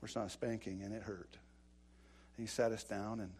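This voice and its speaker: A man preaching, telling a childhood story in a lively, animated way that swings from hushed lines to loud ones. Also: lowish voice, brisk, long pauses, husky. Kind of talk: storytelling sermon.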